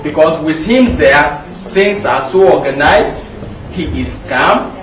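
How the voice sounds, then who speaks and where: A man's voice: fairly high pitch, animated, takes it slowly, fairly bright tone. A middle-aged man with a Nigerian English accent, giving an emphatic, anecdote-filled medical lecture. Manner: emphatic, repetitive, anecdotal teaching. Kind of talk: public lecture. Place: lecture hall. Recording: echoey hall, mic from far off, faint background noise.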